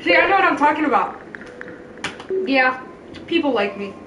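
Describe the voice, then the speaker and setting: A playful woman chimes in with teasing remarks in a fairly high voice during a casual gameplay chat. She sounds far from the mic in a roomy space, with game music clearly audible. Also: expressive, moderate pace, a bit bright, lo-fi sound. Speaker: co-host sidekick.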